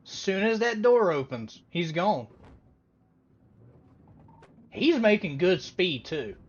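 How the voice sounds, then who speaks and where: Animated woman reacting with disbelief. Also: lowish voice, takes it slowly, slightly rough, muffled recording. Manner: animated, incredulous, breaks into laughter. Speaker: reaction video host. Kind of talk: casual reaction commentary.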